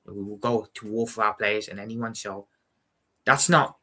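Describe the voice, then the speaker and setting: A man with a Scouse accent talks on a live football watchalong stream in a casual, blunt way. His voice sits fairly low but comes across bright and forceful. He rambles and circles back on his points. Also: steady tone, moderate pace. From Liverpool, England. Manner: blunt, rambling, repeats "you know what I'm saying".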